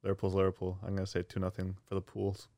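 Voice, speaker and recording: Low, flat-voiced man weighing football picks. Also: fast talker, creaky, no echo, clean studio sound. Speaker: podcast co-host. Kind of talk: casual sports prediction chat.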